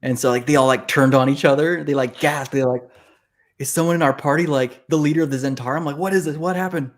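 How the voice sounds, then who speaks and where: A man, an author guest in a casual interview, telling stories in an animated way and acting out the reactions he quotes. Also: on the high side, fast talker.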